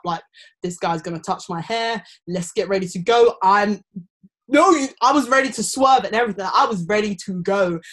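A young woman, chatting casually and telling stories, often acting out other people's voices. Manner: animated storytelling, acting out quoted people in high voices. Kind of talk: casual chat.

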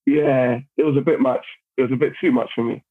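A man telling a story on a podcast in a casual, animated way. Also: mid-range voice, a little fast. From London, England. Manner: animated, acts out other people's lines while telling stories. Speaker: podcast guest. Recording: phone-like narrow sound.

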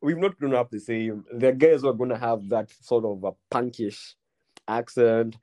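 A young man with a Kenyan accent, hosting a casual podcast chat and telling a story, full of "bro" and "man" and quick restarts. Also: medium pitch, steady tone, dark tone. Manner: slangy, repeats "bro" and "man", many restarts. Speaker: podcast host.

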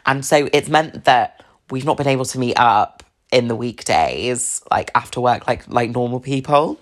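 A woman's voice: a bass voice, expressive, normal speed. A young British woman hosting a podcast, telling a dating story in a chatty, swear-filled way with lots of fillers and laughs. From England. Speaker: podcast host. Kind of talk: casual storytelling about dating.

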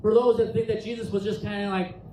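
Male pastor, high voice, passionate sermon, recorded from a distance in an echoey church hall. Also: level tone, fast talker, warm tone, slight background noise. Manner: impassioned preaching, reads scripture aloud with emphasis. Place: church sanctuary.

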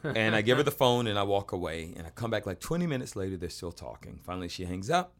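Animated male podcast host. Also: lowish voice, fast talker. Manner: animated, jokey storyteller. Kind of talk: casual podcast chat.

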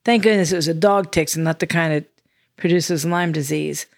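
A woman's voice: deep voice, moderate pace, gravelly, dry recording, clean studio sound. An older woman co-hosting a podcast, chatty and self-deprecating in casual conversation. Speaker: podcast co-host. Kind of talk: casual chat.

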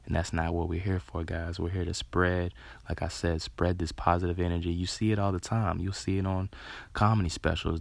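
A man giving a rambling, earnest motivational talk, filling pauses with "you know" and swearing casually. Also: sits low, creaky, no room sound.

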